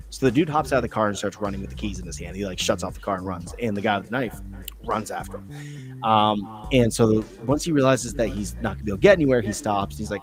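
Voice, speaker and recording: A man's voice: fairly low pitch, quick pace, soft background music. A man from the United States hosting a casual, profane chat and acting out funny quotes. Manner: animated, profane, acts out quotes.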